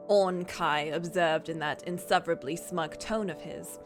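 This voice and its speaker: A woman's voice: fairly low pitch, unhurried, few pauses, faint music behind. A woman streamer reading a story aloud in a casual way, with playful, chatty asides.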